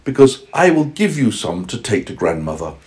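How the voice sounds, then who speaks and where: A man voicing a kindly, relieved mother in a bedtime story, speaking softly and reassuringly. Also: on the low side, big pitch swings, moderate pace, slight background noise, voice pushed up. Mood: gentle.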